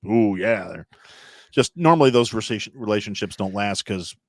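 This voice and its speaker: A man's voice: on the low side, animated, normal speed, no echo, studio quality. A man in his thirties, a chef and podcast guest, telling profane, self-mocking stories in casual chat with frequent restarts. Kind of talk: casual storytelling.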